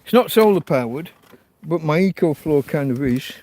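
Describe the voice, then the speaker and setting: Talking to his dog in an exasperated, foul-mouthed way, a man hosts a casual livestream at night from a tent in a field. His slightly high voice is expressive and darkish in tone, at a normal speed.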